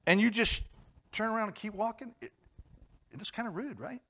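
A man preaching a sermon in a conversational way, asking his audience questions and swinging from quiet asides to emphatic points. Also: sits high, expressive, brisk.

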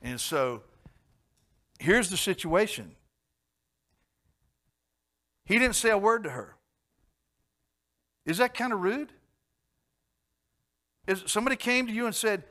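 Guy preaching a sermon, kinda high voice, chatty, asks the crowd stuff, goes quiet then punchy. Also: lively intonation, slow, pauses often. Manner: conversational, asks the audience questions, swings from quiet to emphatic.

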